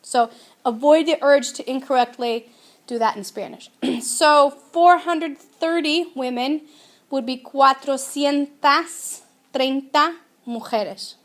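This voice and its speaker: Slow, high-voiced woman teaching Spanish. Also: a bit bright. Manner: clear, deliberate, drilling students to repeat. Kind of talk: classroom grammar lesson.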